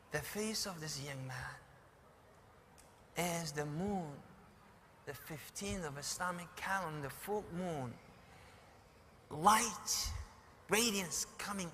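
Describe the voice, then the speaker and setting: High bright-voiced preacher in echoing hall. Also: male voice, slow pace, pauses often, a little hiss or hum. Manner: swings from hushed storytelling to shouted emphasis. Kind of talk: sermon storytelling. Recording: hall reverb.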